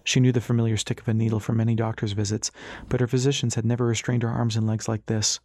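A man's voice: lowish voice, little pitch movement, fast talker, darkish tone, no echo, studio quality. A man reading a fantasy novel aloud as scripted narration, shifting his voice slightly for the characters. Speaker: audiobook narrator.

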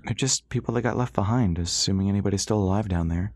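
A man voicing a cheerful, curious young woman aboard an airship, speaking gently with a slightly raised tone, in a dry close-miked audiobook recording. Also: on the low side, fast, dry recording, natural voice. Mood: gentle.

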